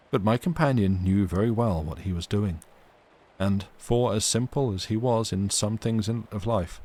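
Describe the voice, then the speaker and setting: A man reading a classic novel aloud on a livestream, steady and measured. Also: on the low side. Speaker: reader.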